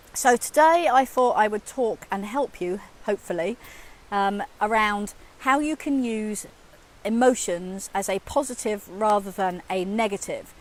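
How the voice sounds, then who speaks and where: A woman in her fifties, a communication coach, talking casually to camera and acting out her own inner voice. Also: mid-range voice. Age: 50s.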